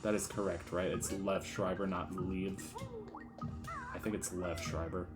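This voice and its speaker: A man's voice: low voice, steady tone, unhurried, over music. Rambling, jokey man playing a game. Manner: rambling and jokey, slips into silly voices. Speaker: let's player. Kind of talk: casual gameplay commentary.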